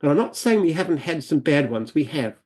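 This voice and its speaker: A man's voice: on the high side, sing-song, fairly quick, darkish tone. An Australian man, a business founder, answering interview questions in an earnest, emphatic way, often repeating and restarting phrases. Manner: earnest, emphatic, repeats himself when explaining. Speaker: franchise founder, guest.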